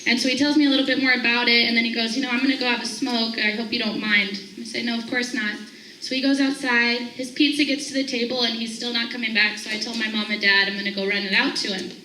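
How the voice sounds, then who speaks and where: High bright young woman telling a story. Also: fast, slight background noise. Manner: animated storyteller acting out quoted voices. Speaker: staff member sharing a morning thought. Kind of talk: casual storytelling to a group. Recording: echoey room, voice from a distance.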